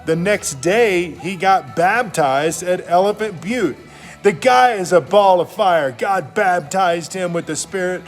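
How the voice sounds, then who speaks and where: A man's voice: sits high, measured pace, faint music behind. A middle-aged man, a pastor, telling stories in a casual, enthusiastic, slangy motivational talk.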